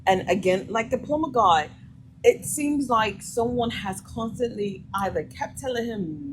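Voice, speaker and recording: A woman's voice: medium pitch, expressive, takes it slowly, a little hiss or hum, low-quality recording. A woman hosting a vlog, reacting to a clip with blunt, emphatic opinions in a casual way. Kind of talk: casual commentary.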